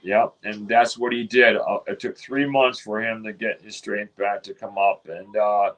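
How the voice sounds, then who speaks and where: A man's voice: lowish voice, steady tone, unhurried, lo-fi sound. A man, telling a long story in a casual interview, rambling with many restarts and quoted dialogue. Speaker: interview guest.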